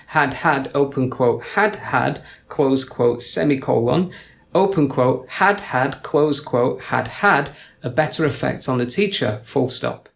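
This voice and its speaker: A young adult man, an English teacher, giving a scripted grammar lesson with clear, deliberate delivery and stressed words. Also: mid-range voice.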